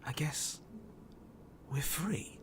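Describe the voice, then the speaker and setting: An actor voicing the hero's weary inner voice in a game, speaking quietly and sometimes in a hush. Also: male voice, fairly high pitch, whispered, over music. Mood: relieved. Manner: quiet, slow, hushed at times. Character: weary male inner voice of the hero, resigned. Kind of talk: game voice acting.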